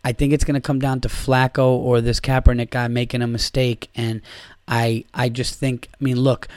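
A man hosting a podcast rants about sports in a casual, profane, sarcastic way. His voice sits in a middle pitch and sounds dry and close. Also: little pitch movement, moderate pace, a little mellow, clear, resonant tone, no room sound. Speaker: podcast host.

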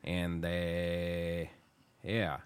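A man's voice: deep voice, completely flat delivery, extremely slow, clear, resonant tone, no echo. A young man from Western New York telling stories in casual chat, swearing and laughing, acting out the people he quotes. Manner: swearing, laughing storyteller who acts out quoted voices.

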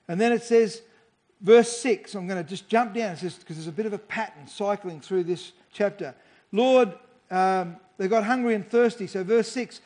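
A man's voice: sits high, normal speed, a little mellow. A man preaching as a guest speaker, talking earnestly and conversationally and reading scripture aloud. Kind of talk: sermon.

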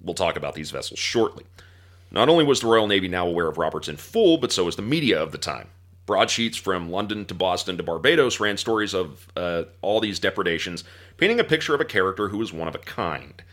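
Lively, bright-voiced man telling history. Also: low voice, fairly quick. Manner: animated storyteller, breaks into laughter and mock voices. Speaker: podcast host telling history. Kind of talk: history storytelling podcast.

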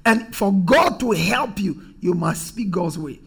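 Male pastor, high gravelly voice, emphatic repetitive preaching style. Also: expressive, measured pace. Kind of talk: sermon.

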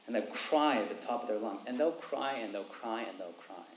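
A man, a father with young kids, preaching a sermon in an animated way, repeating phrases for emphasis and acting out quotes. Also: fairly low pitch, brisk, few pauses, a little hiss or hum. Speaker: pastor. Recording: echoey room, faint ambience.

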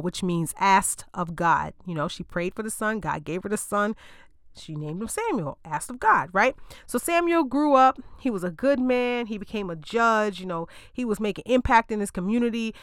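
A woman's voice: mid-range voice, smooth, no echo, clean studio sound. A woman podcast host retelling a Bible story in casual slang, with joking asides to her listeners.

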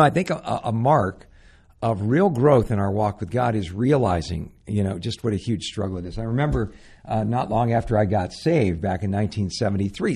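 Older guy pastor, gravelly husky voice, earnest chatty bible teaching, lots of uh and you know. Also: fairly low pitch, a little mellow. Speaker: pastor and radio show host.

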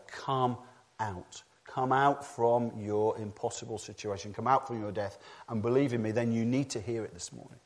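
A man preaching in a church, his voice sitting at an ordinary middle pitch. He moves between quiet, low stretches and loud, emphatic climaxes, often repeating a phrase to drive it home. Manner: dramatic, swinging from hushed low passages to loud emphatic peaks. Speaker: pastor. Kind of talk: sermon.

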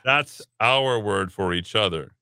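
A man's voice: lowish voice, unhurried, bright, forceful tone, clear, resonant tone, no room sound, clean studio sound. A man hosting a talk radio show, reading listener texts aloud with sarcastic jokes. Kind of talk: casual radio banter.

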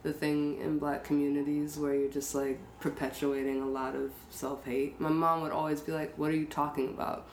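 Low-pitched woman host, casual and storytelling, recorded in an echoey room. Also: normal speed, few pauses. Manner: relaxed, storytelling, laughs easily. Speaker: podcast host. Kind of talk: casual conversation. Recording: roomy echo, faint noise.

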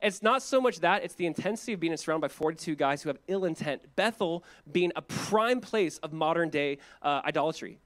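Pastor guy preaching, kinda high voice, chatty and animated, acts out lines. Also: brisk, few pauses. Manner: animated, conversational preaching with laughs and acted-out quotes. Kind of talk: sermon.

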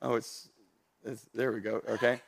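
A young adult man, a pastor, preaching a sermon to his church, building to loud emphatic passages and joking with the congregation. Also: mid-range voice, little pitch movement, normal speed, creaky, slight background noise. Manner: jokes with the congregation. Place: church stage before a congregation.

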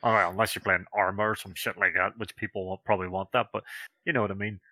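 A man co-hosting a podcast, chatting casually with quick sweary interjections. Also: sits low, fairly even intonation, bright, forceful tone, no room sound. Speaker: podcast co-host.

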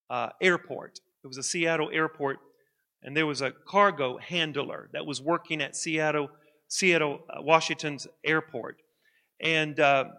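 A man preaching from the pulpit with a high, ringing, bright voice. He hammers his points home and repeats them for weight. His voice carries a long church-hall reverb. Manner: emphatic, repeats key lines for effect. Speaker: pastor. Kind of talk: sermon.

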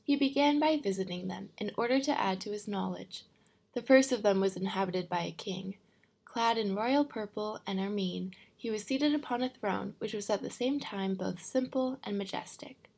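Gravelly-voiced woman reading a storybook. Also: mid-range voice, darkish tone. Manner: measured storytelling. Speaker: narrator. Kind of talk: audiobook reading.

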